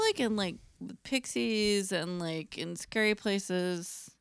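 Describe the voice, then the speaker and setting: A woman's voice: mid-range voice, slow, clean tone, no echo, studio quality. A woman co-hosting a podcast, rambling in casual chat, swearing freely and filling her talk with "like.". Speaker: podcast co-host.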